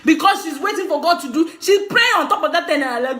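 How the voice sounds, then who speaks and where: Nigerian woman vlogger, bright, animated voice, emphatic scolding rant with laughter. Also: sits high, quick pace, hardly any pauses, slight background noise. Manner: emphatic and scolding, laughing through her words. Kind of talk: passionate direct-to-camera rant.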